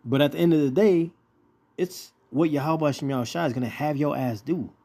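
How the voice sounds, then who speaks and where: A man's voice: a little high, fairly quick, mellow. A man teaching from the Bible in a casual, blunt way, reading verses aloud, swearing freely, and asking rhetorical questions. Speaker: preacher teaching scripture.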